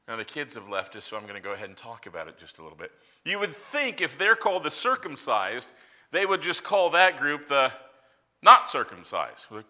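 A male pastor preaches with a bright, forceful and sharply cutting voice. His pitch leaps up and down in a lively way as he swings from casual asides to loud emphatic lines. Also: moderate pace, long pauses. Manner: animated, conversational preaching with sudden loud emphasis. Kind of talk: sermon.

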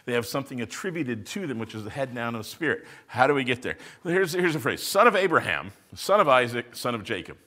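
A man's voice: mid-range voice, very animated, fast talker, hardly any pauses, bright, forceful tone. A man preaching a sermon to a congregation, asking rhetorical questions and answering them as he teaches. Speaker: pastor. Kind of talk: expository sermon.

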